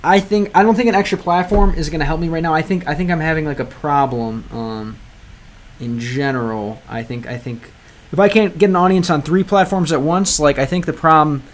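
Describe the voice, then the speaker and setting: A man's voice: a little high, brisk. Rambling, hesitant male streamer. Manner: rambling and hesitant, many ums and restarts; translates aloud and answers chat. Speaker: livestreamer learning Spanish through a game. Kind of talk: casual live-stream chat.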